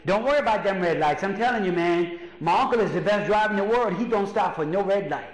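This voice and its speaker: A man's voice: sits high, steady tone, rapid-fire. A man voicing an older Cajun man with a blunt, folksy manner, in an echoey hall. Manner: folksy, calls people partner.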